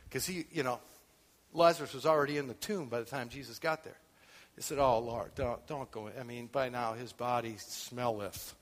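A man preaching a sermon in church, swinging from quiet talk to loud shouting. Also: mid-range voice, in a large hall. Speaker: pastor.

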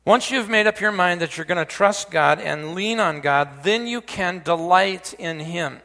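A man's voice: high voice, a little slow, creaky, pushed and bright, big-room sound. A man preaching a sermon in a folksy way, with joking asides and frequent restarts. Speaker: pastor.

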